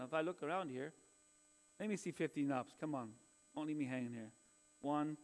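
A man's voice: a little high, brisk, long pauses. A man, preaching a sermon in an earnest, conversational way and weaving in personal stories. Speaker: pastor.

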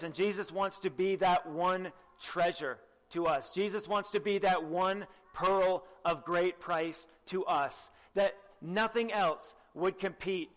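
A man's voice: high-pitched, a bit bright. Earnest preaching man in a reverberant hall. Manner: earnest, exhorting, asks the listeners direct questions; clears throat often. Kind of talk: sermon.

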